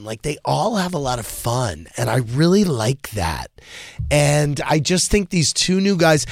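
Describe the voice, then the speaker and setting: A man's voice: mid-range voice, vocal fry, no room sound, studio quality. A middle-aged man hosting a podcast, telling gossipy stories in a casual, chatty way with lots of fillers. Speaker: podcast host.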